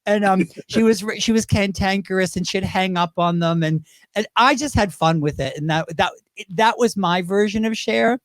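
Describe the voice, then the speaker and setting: A British drag performer in his fifties, a man with a high-pitched voice, rambles through stories as an interview guest, chatty and prone to slipping into impressions. He speaks at a moderate pace in a clean studio recording with no room sound.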